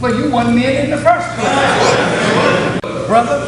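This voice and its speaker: An older man preaching a fiery sermon as a minister, rising to shouts and then dropping low. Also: steady tone, takes it slowly, big-room sound, heavy background noise. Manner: preaching with shouted peaks and sudden drops. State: fired up.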